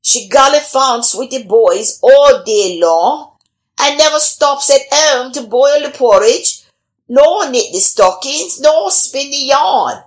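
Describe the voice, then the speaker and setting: A woman voicing a fierce, scolding old village woman in a storybook reading, loud and shrill. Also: lively intonation, takes it slowly.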